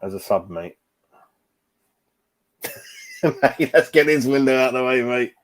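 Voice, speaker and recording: There's slight background noise as a man in his 40s, medium-pitched with lively intonation, speaks unhurriedly on his football fan channel. He chats casually, reads viewers' comments aloud, and calls everyone mate.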